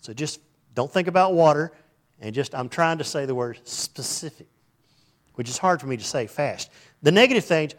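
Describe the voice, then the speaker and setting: Animated preacher man, slightly high voice. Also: moderate pace. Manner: animated, acts out quoted voices, joking asides. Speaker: pastor. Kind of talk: sermon.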